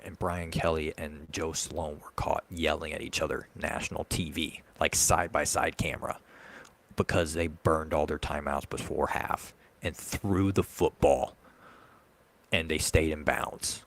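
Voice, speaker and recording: Man, very deep, gravelly, heated sports rant. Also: fairly even intonation, unhurried, a bit bright. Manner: heated, ranting fan. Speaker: podcast co-host. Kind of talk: casual sports chat.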